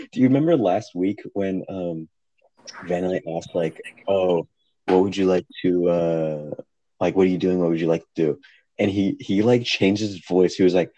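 A man's voice: low voice, moderate pace, warm tone, no echo, poor audio. A young man co-hosting a casual podcast, joking and swearing, laughing often, talking on a phone. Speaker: podcast co-host. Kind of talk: casual chat.

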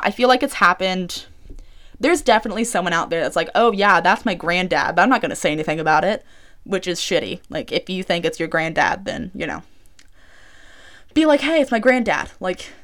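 A woman of about twenty hosting her own podcast, chatting casually and rambling with lots of "like.". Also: fairly low pitch. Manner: chatty, rambling, heavy use of "like". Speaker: podcast host. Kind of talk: casual solo podcast chat. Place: small room she records in.

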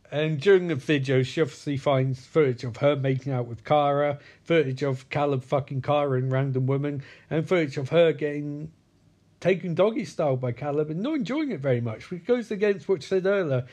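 A man's voice: a little high, a little mellow. Crude, sarcastic man recapping a movie. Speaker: film recapper.

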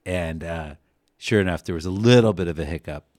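Deep-voiced man telling rambling stories. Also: a little fast, no room sound. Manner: rambling storyteller, swears, animated when recounting yelling. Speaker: podcast co-host. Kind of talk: casual sports podcast chat.

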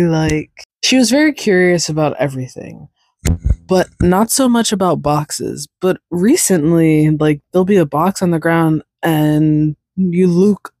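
Woman podcast host, casual solo chat, unhurried and rambling, dry close sound. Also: on the low side, darkish tone, dry recording. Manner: rambling, chatty, talks to her cat.

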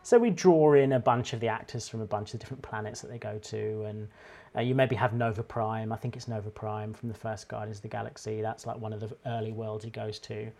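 A man in a casual podcast chat, pitching a game idea in a rambling, enthusiastic way with many restarts. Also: fairly even intonation, a little fast, creaky, dark tone. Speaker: podcast co-host.

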